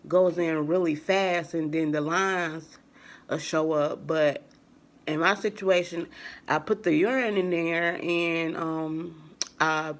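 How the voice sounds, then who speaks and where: Low-pitched and steady, this young woman vlogger takes her time telling a personal story in a loose, rambling way. Fillers pile up, and she repeatedly reenacts what people said using "I was like."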